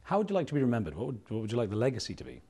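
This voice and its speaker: A man interviewing a guest, asking short questions briskly. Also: medium pitch, huge pitch swings, gravelly, mellow, breathy edge.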